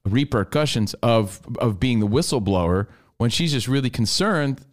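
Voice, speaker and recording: A man hosting a radio show in casual studio talk, blunt and animated, acting out quotes as he goes. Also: mid-range voice, normal speed.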